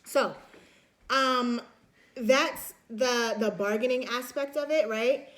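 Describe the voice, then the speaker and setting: Chatty woman lecturer, higher voice. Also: slow, a bit bright. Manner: chatty, acts out examples, many fillers and restarts. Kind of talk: casual recorded lecture.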